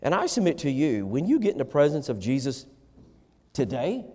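Pastor guy preaching, high voice swinging all over, big church hall reverb. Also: big pitch swings, normal speed, a little mellow. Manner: impassioned preaching, rising and falling. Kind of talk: sermon.

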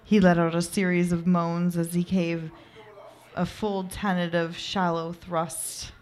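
A woman narrating an amateur erotic story in a soft, unhurried reading voice. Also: fairly low pitch, little pitch movement. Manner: soft, unhurried reading with occasional laughs at slips.

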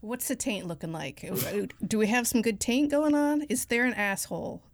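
A woman's voice: on the high side, expressive, moderate pace. A woman hosting a podcast, talking in a casual, sarcastic and crude way. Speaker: podcast host. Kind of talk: casual comedic chat.

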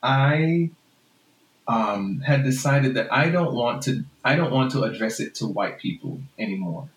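A man's voice: mid-range voice, lively intonation, measured pace. A man with a Jamaican accent, a book author talking frankly and reflectively in an interview, often laughing. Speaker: author guest. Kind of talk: interview conversation. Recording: roomy room with faint music.

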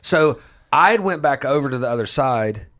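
A man at a middle pitch tells a story to friends in a loose, rambling way. He restarts sentences, swears casually and quotes what others said. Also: lively intonation, moderate pace, a bit bright. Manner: rambling, restarts, swears and laughs while telling.

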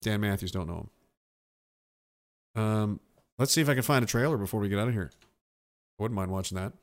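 A man's voice: lowish voice, fairly quick. A man streaming and reading viewer messages, talking in a rambling, profane, self-interrupting way. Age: older.

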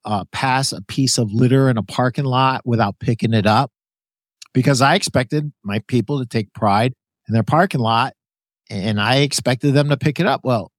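Male podcast host, animated and jokey storyteller, medium pitch, dry close mic. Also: normal speed, no room sound. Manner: animated, jokey, laughs often, calls guest "brother". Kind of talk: casual interview chat.

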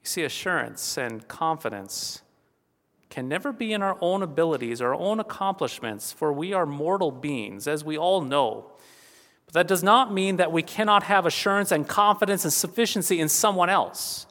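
A pastor giving a funeral sermon, earnest and steady, returning to key phrases again and again for emphasis. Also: male voice, a little high, moderate pace, in a large hall.

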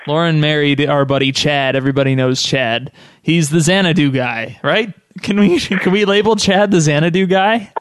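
A man's voice: fairly high pitch, normal speed, clean tone, no echo, studio quality. A man hosting a podcast, chatting casually and enthusiastically in loose, rambling phrases. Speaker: podcast host. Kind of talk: casual chat.

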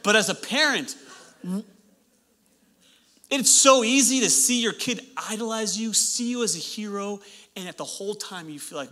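A man in his thirties, a pastor preaching a sermon in an animated way, with joking asides to his congregation. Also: sits high, normal speed, pauses often.

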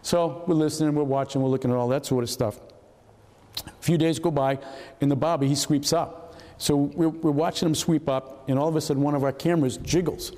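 An older man tells stories to an audience, his voice mellow and dark. He is animated and slips into the voices of the people he describes. The sound carries the long reverb of a hall. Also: fairly high pitch, brisk. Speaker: retired FBI agent telling stories. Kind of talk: anecdotal storytelling to an audience. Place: hall at a historical society talk.

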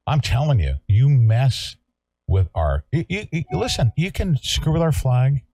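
A man from California hosting a talk show, ranting loudly and sarcastically in a combative way. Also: medium pitch, sing-song, a little slow, slightly rough. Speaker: show host. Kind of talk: heated talk-show rant.

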